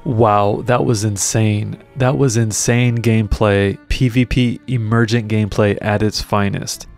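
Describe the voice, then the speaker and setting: A man's voice: on the low side, steady tone, measured pace, creaky, few pauses, a little mellow, faint music behind. A man narrating his own gameplay video and ranting with rising hype at critics. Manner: hyped, ranting voice-over. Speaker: gaming video creator. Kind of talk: gameplay commentary.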